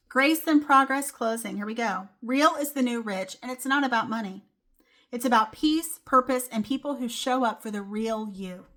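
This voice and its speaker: A woman's voice: on the high side, a bit bright. A young woman hosting a solo motivational podcast, talking casually with lots of "like" and "you know.". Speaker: podcast host.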